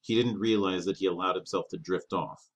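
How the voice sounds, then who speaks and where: Low male streamer narrator, steady dramatic book reading. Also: a little fast.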